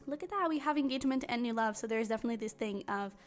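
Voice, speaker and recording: High-voiced chatty tarot reader, woman. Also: racing, faint music behind. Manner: chatty, lots of fillers and restarts. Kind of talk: casual tarot reading.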